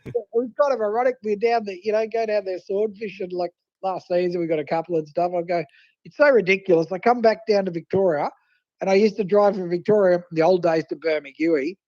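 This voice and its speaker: An Australian man, a fishing writer and photographer, telling animated stories over a phone line and acting out the people he quotes. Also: high-pitched, fast, no echo. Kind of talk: casual storytelling over the phone.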